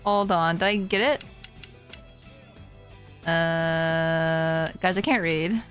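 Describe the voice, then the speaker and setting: A young woman streaming a video game, chatting casually with her viewers, excitable and giggly as she reacts to what happens on screen. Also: deep voice, extremely slow, soft background music. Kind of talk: casual gameplay commentary.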